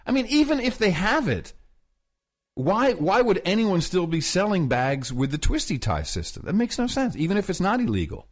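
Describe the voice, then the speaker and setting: A man's voice: high-pitched, big pitch swings, moderate pace. A man co-hosting a podcast in casual chat, rambling and laughing often as he tells stories. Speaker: podcast co-host. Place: rented apartment abroad.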